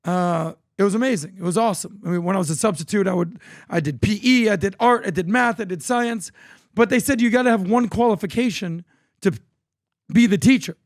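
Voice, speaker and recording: A man's voice: high voice, brisk, no echo, studio quality. A man in his thirties, from Florida, co-hosting a podcast and telling stories with energy, acting out the people he quotes. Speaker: podcast co-host. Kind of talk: animated storytelling chat.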